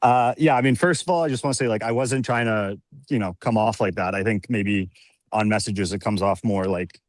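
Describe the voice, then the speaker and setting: A man's voice: on the low side, fairly quick, no echo. A man calling in on a video call, debating earnestly with lots of filler words and hedges. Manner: earnest, hedging with many fillers. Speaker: caller.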